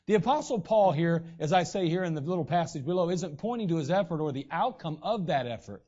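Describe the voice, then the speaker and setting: A man preaching a sermon as pastor, in a conversational way with frequent throat clearing. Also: a little high, expressive, fast, dark tone. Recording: dull lo-fi recording.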